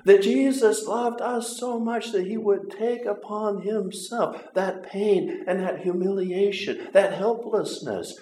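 Slow, earnest preacher in an echoey room. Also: male voice, high voice, mellow. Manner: earnest, halting, with repeated words and long pauses. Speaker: pastor. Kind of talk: sermon. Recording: roomy echo.

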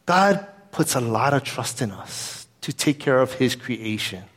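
A man's voice: medium pitch, sing-song, unhurried, slightly rough. A man pastor giving a sermon in an earnest, conversational way, weaving in a personal story.

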